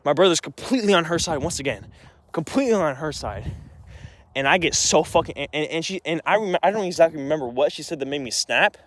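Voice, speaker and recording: A man's voice: a little high, lively intonation, fast talker, fairly bright tone. Agitated young man, rambling and swearing. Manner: agitated, rambling, with many restarts and frequent swearing. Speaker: vlogger. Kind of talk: emotional personal storytelling.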